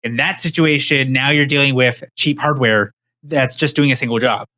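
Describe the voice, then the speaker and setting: A man hosting a casual tech podcast, talking in quick runs with restarts and fillers. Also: mid-range voice, steady tone, pushed and bright, no room sound. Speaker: podcast host.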